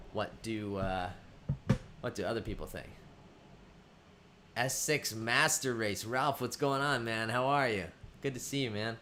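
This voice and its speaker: A livestream host with a mid-range, slightly bright voice chats casually over slight background noise. He says hello to viewers by name and muses aloud, filling the gaps with lots of ums.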